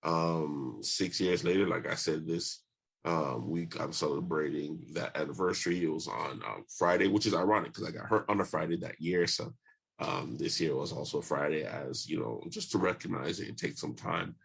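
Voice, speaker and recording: Podcast host, male: deep, gravelly, easygoing and halting. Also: a bit bright. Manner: unhurried, halting with frequent fillers. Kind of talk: casual podcast chat.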